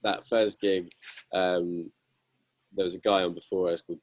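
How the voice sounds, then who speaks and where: A young man with a deep, husky voice tells rambling, self-mocking stories about his band's gigs. He is heard up close with a dry sound and no room echo. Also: little pitch movement, moderate pace, highs cut off. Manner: self-deprecating, amused, rambling with many fillers. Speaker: guitarist guest. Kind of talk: casual interview storytelling.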